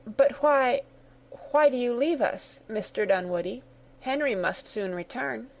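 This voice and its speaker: A woman's voice: medium pitch, moderate pace, darkish tone, slight background noise, natural voice. A woman voicing a playful, good-humoured teenage girl in a read-aloud story. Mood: eager. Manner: playful, teasing.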